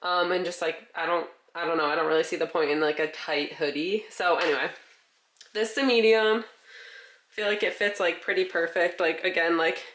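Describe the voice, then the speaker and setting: A chatty woman farm vlogger talks casually, filling her speech with "like." Her voice sits on the lower side and sounds congested and slightly winded. She is recorded in an echoey room. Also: fairly even intonation, normal speed, a bit bright, slight background noise. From New York. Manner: chatty, many "like" fillers. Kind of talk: casual vlog.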